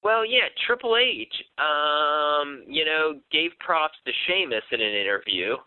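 A man talks through a casual podcast chat at an ordinary pitch, stumbling over restarts and fillers as he thinks out loud. The sound is dry and squeezed narrow, like a phone line. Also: animated, measured pace, clear, resonant tone, no echo. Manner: hesitant, many fillers and restarts. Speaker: podcast co-host.

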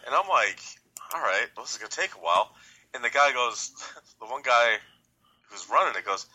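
A man, co-hosting a podcast and telling a story in an excited way. He acts out what people said and laughs often. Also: mid-range voice, a little fast, breathy edge, poor audio. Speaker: podcast co-host. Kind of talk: casual chat.

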